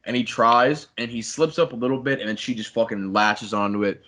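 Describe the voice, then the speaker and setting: A man's voice: medium pitch, a little fast, a bit bright. A young man, a podcast co-host, animatedly retelling a story in casual chat, swearing a lot and saying "like" constantly.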